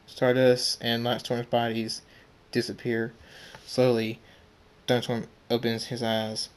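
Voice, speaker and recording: A man reading a fan story aloud in a halting way, often restarting words. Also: mid-range voice, monotone, clear, resonant tone.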